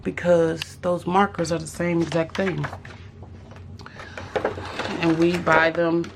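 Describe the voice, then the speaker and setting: Woman, craft vlogger, low and unhurried, thinks aloud, faint room hum. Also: flat delivery, creaky. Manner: musing aloud, with fillers and restarts. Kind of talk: casual unboxing chat.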